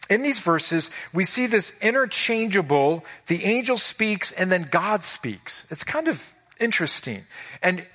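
A male pastor preaching a sermon in an animated way, asking the congregation questions. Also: fairly high pitch.

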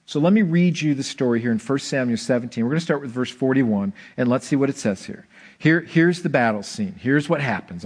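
A man preaching a sermon, telling a scripture story in an animated way, with bursts of excitement and dramatic slowdowns. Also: fairly high pitch. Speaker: pastor.

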